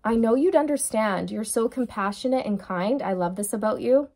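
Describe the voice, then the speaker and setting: A woman's voice: on the high side, normal speed, few pauses, mellow. A woman giving a casual tarot reading, chatty and addressing viewers directly, often breaking into giggles. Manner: giggly, bursts into laughter. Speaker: tarot reader.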